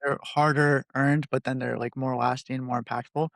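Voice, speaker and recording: A man hosting a podcast, explaining coaching ideas in a relaxed, storytelling way. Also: medium pitch, normal speed, creaky, no room sound, studio quality. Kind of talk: casual podcast conversation.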